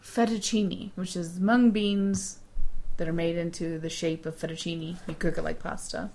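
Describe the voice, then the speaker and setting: A woman co-hosting a podcast, chatting casually and giving advice, animated and quick to laugh. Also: fairly low pitch. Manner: chatty, laughs often, animated when making a point. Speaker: podcast co-host.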